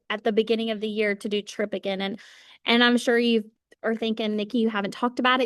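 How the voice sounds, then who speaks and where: A woman's voice: fairly high pitch, dry recording, clean studio sound. A woman giving an emphatic motivational talk to her sales team, repeating phrases for effect.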